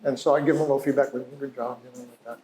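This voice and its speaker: A man's voice: medium pitch, level tone, racing, warm tone, a little hiss or hum. A male psychologist telling a patient's story in a conversational, heartfelt lecture, full of "you know" and "like". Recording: roomy echo.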